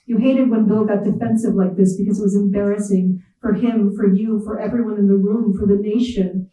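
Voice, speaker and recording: A writer giving a measured, wry literary reading in the second person. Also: mid-range voice, fairly even intonation, mellow, echoey room, distant mic, poor audio. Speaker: visiting writer. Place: reading event hall.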